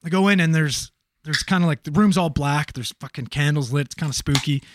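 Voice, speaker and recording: A man who works in emergency medical services, telling a story in casual chat, animated and profane, with many fillers. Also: on the high side, fairly quick, background noise.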